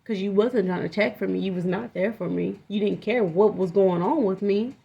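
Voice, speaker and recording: Young woman rambling thru a storytime, lots of ums, kinda gravelly, muffled lo-fi sound. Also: medium pitch, moderate pace. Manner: candid, profane, rambling with many fillers. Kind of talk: casual storytime vlog. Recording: dull lo-fi audio.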